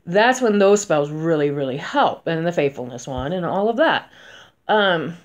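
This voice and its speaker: Lively chatty woman in her forties. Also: lowish voice, moderate pace. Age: 40s. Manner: chatty, emphatic, swings between loud and soft. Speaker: spellcaster. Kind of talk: casual talk to camera.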